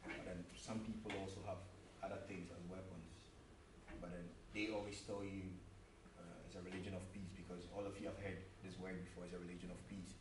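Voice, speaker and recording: A man's voice: sits low, flat delivery, brisk. A man preaching a sermon in an earnest way, repeating himself and asking rhetorical questions, recorded in a church hall from a distance. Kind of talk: sermon with a told joke. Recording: roomy echo, mic far off, faint hum.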